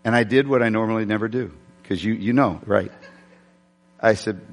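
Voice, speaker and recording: A male pastor telling a story during a sermon, chatty and self-deprecating, with halting restarts. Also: lowish voice. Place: church sanctuary. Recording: long hall reverb.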